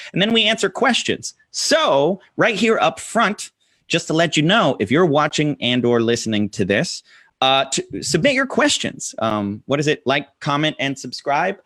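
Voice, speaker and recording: A man co-hosting a podcast, introducing the episode in a relaxed, profane way with fillers. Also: a little high. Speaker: podcast co-host.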